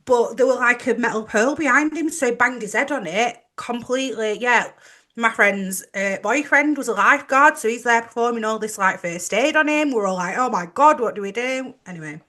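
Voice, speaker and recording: A woman's voice: fairly high pitch, fairly quick, sharp tone. A woman co-hosting a podcast, telling anecdotes animatedly and laughing often. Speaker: podcast co-host. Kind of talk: casual chat, storytelling.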